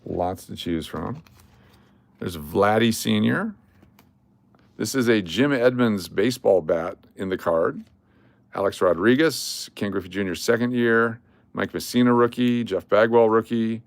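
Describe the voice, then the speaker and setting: A man's voice: fairly low pitch, creaky, dry recording. An older man hosting a casual livestream, rattling off lists of cards and chatting to viewers. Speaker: livestream host.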